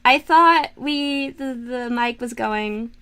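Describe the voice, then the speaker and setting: Young woman streamer chatting while drawing, bright voice, slow rambly self-mocking, giggly. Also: a little high, clear, resonant tone. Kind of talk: casual livestream chat while drawing.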